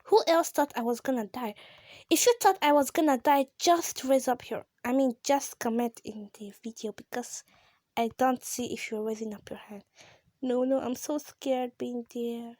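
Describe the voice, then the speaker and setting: A female gamer giving excited let's-play commentary to her viewers, gasping and exclaiming often. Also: fairly high pitch, normal speed, dry recording, studio quality. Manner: drops to a whisper at times. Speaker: gaming channel host.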